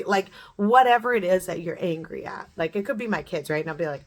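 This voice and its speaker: Earnest pep-talking woman, slightly low voice. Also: quick pace, few pauses, slight background noise. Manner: earnest, pep-talk, repetitive emphasis. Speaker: beauty vlogger. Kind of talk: casual motivational talk to camera.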